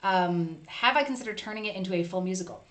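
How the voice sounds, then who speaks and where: A woman's voice: medium pitch, lively intonation, quick pace, a bit bright. A woman hosting a casual live stream, chatting with viewers and reading their comments aloud.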